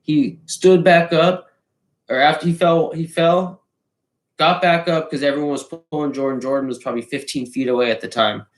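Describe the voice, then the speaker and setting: Dude telling a crazy party story, cusses a lot, does little sound effects, kinda echoey room. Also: male voice, a little high, moderate pace. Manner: profane, animated, fond of sound effects. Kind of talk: casual anecdote. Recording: roomy echo.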